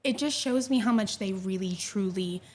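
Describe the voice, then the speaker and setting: A woman's voice: mid-range voice, normal speed, a little hiss or hum. Upbeat woman curriculum coordinator. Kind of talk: casual interview chat.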